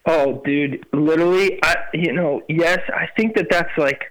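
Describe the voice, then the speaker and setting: An animated young man recounts his journey as a guest, slipping into quoted voices and using lots of fillers. His voice sits a little high for a man. The sound is dry and close. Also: normal speed, no echo, low-quality recording. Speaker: guest, Christian worship musician. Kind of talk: casual storytelling interview.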